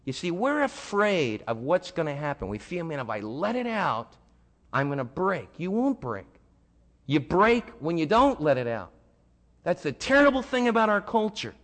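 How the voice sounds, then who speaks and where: A male pastor giving a sermon in a conversational way, building to emphatic peaks and asking the congregation questions directly. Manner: conversational preaching that swells to emphatic highs.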